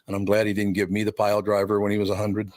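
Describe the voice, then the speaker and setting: A man's voice: lowish voice, monotone, very fast, darkish tone, no room sound. An older man hosting a radio talk show, telling wry stories with frequent chuckles. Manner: storytelling, wry, chuckles often. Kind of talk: casual chat.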